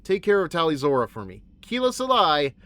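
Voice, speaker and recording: A man's voice: a little high, big pitch swings, brisk, fairly bright tone, clear, resonant tone. A man voicing a formal female alien fleet admiral, reading her message aloud in a stately tone with a made-up accent. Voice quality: odd put-on accent.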